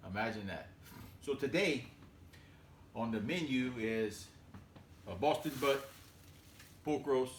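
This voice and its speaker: A man's voice: mid-range voice, animated, slow pace, pauses often, reverberant, slight background noise. A man hosting a casual home cooking demonstration, talking in a folksy, rambling way with many fillers. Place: home kitchen.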